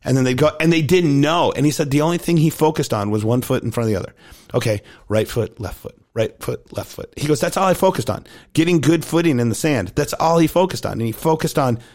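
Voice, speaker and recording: Male podcast co-host, coach, casual storyteller, mid-pitch voice. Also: fast talker. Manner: storytelling, quotes others in animated voice. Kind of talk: casual chat.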